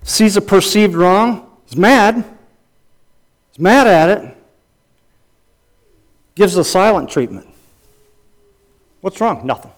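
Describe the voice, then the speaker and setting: A man's voice: high-pitched, lively intonation, slow, long pauses. A man preaching a sermon as a pastor and counselor, emphatic, with repeated phrases and rhetorical questions.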